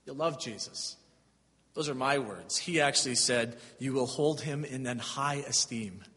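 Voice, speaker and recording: Husky-voiced man preaching in echoing hall. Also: medium pitch, unhurried, sharp tone. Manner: conversational preaching with personal anecdotes. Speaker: pastor. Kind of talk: sermon. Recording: long hall reverb.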